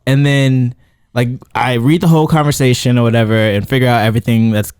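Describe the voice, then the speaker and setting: A man's voice: medium pitch, fairly even intonation, a little fast, darkish tone, clean tone, dry recording. Laid-back man, dry close sound. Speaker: podcast co-host. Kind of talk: casual chat.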